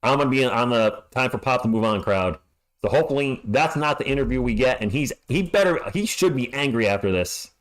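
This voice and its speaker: A man's voice: mid-range voice, animated, fairly quick. A man hosting a fan livestream, calling play-by-play and ranting in frustration, often stammering when upset.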